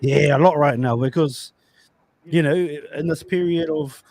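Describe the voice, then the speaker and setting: A man's voice: fairly high pitch, measured pace, a crowd in the background. Rambling man hosting a podcast. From Australia. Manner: rambling, with many fillers and restarts. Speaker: podcast host. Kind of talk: casual podcast chat.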